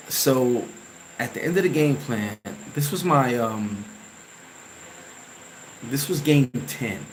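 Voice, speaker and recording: A man hosting a vlog, telling an emotional story from his playing days in a casual, animated way, full of restarts and sound effects. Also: medium pitch, a little hiss or hum, rough recording. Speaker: vlog host.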